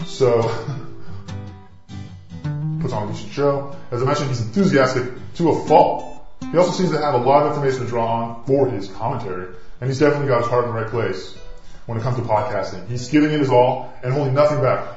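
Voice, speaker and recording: A man's voice: mid-range voice, fairly quick. A man hosting a podcast in loose, rambling casual chat, swearing and chuckling. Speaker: podcast host. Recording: echoey room, dull sound, faint guitar music.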